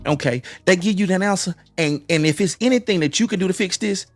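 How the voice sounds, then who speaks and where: A man's voice: high voice, fast, no room sound, faint music behind. Preachy man talking on a live stream. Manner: preachy, repeats phrases, many restarts. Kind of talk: motivational live-stream talk.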